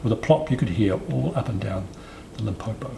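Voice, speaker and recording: A man reading a storybook aloud in an expressive, sing-song storyteller's manner. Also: lowish voice, brisk, vocal fry, a little hiss or hum. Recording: roomy echo, faint ambience.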